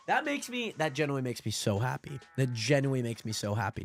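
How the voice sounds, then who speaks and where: A young man hosting a fan watch party, giving live football commentary that swings from calm play-by-play to excited shouting. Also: mid-range voice, brisk, creaky, hardly any pauses, soft background music.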